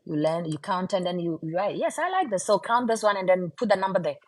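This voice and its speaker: A woman's voice: lowish voice, expressive, fast talker, slight background noise. A woman and mother chatting on a live stream, encouraging viewers and often ending lines with "right?". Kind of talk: casual live-stream chat.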